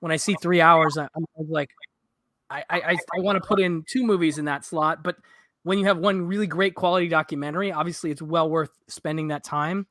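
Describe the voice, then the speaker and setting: A man hosts a live stream in an easygoing, chatty way, readily agreeing with his guest. His voice sits a little higher than most men's. The recording is dry and close-miked. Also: fairly even intonation, fairly quick, pushed and bright, no echo. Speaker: host. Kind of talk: casual chat.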